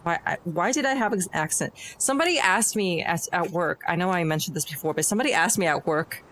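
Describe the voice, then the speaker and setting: A woman streaming a game playthrough, chatting excitably and reading game text aloud. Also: fairly low pitch, fast, a little hiss or hum. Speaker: VTuber streamer. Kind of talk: live game playthrough commentary. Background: game music.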